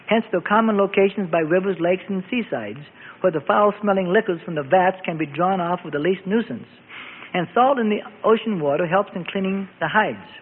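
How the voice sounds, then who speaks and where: A man narrating a scripted Bible story for radio in a steady, descriptive manner. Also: high voice, slight background noise. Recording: tinny phone-like radio recording with reverb.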